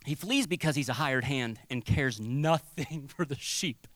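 A man preaching a sermon as a pastor, conversational and animated, acting out little quoted voices. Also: medium pitch, measured pace, dry recording.

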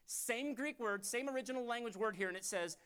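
A pastor delivering a sermon in church, talking conversationally and fervently, dropping to a hush and then rising loud again. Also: male voice, very high voice, fairly quick, clear, resonant tone. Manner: fervent, conversational preaching that swings from hushed to loud.

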